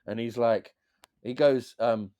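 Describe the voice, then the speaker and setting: A man, a DJ and beat maker who is a guest on a podcast, telling stories in a lively, swearing, casual way and acting out what others said. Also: mid-range voice, takes it slowly, no echo, dull audio. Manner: animated, swears freely, acts out quotes. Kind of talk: casual storytelling chat.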